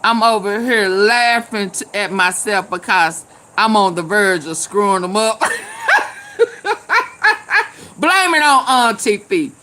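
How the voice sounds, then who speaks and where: A tipsy woman, hosting a casual live chat, loud and laughing, swearing and calling out viewers by name. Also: medium pitch, animated, takes it slowly, long pauses, noisy background. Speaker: live stream host.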